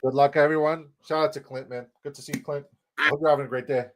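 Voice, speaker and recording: A man's voice: a little high, fairly even intonation, fast, very noisy. A man hosting a casual live fantasy football stream, swearing freely and reading out and answering chat. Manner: profane, hyped, reads and answers chat.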